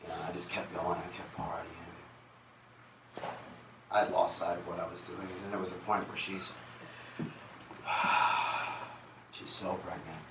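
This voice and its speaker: A man's voice: sits low, level tone, unhurried, pauses often, background noise. A man, a singer, telling a candid and confessional story on a concert stage, recorded in an echoey venue from a distant mic.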